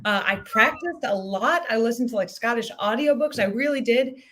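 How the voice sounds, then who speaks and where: A woman's voice: a little high, expressive, moderate pace, fairly bright tone, slight background noise. Female author guest, chatty, self-mocking, heard over a video call. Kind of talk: casual chat.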